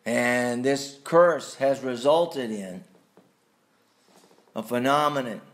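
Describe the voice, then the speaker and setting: A man preaching a sermon, slow and deliberate, with sudden emphatic rises and quiet asides. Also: mid-range voice. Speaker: pastor.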